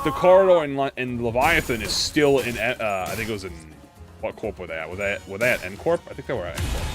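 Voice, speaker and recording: A man live-streaming a game and chatting to viewers. His talk rambles, corrects itself and trails off into mumbles. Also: medium pitch. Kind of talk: casual live-stream chat while gaming. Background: faint game music.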